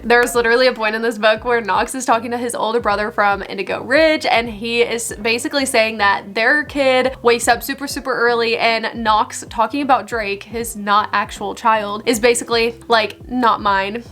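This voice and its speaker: A young woman vlogging her book reviews, gushing and emphatic, repeating herself in quick bursts as she recommends her favorites. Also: a little high, fairly even intonation, fairly bright tone. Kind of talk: enthusiastic book review vlog.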